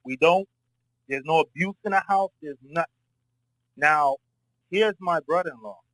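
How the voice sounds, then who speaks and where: A man's voice: fairly high pitch, measured pace, fairly bright tone, dry recording, rough recording. A man from Florida calling into a debate and telling a long, profane personal story in a rambling way. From Florida, United States. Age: adult, married. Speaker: debate caller. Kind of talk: casual spoken debate.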